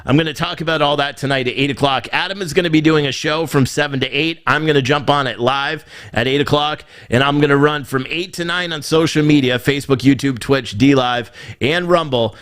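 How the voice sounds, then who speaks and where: A man's voice: a little high, brisk, hardly any pauses, fairly bright tone, smooth. Angry man ranting on a livestream. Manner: angry, exasperated, swears freely. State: irritated. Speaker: livestream show host. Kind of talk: casual ranting livestream talk.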